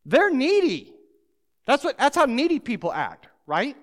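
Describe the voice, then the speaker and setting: With a medium pitch that swings widely and a slightly bright tone, a pastor preaches at a normal speed. His delivery is emphatic and speaks to the listeners directly, echoing with a long hall reverb.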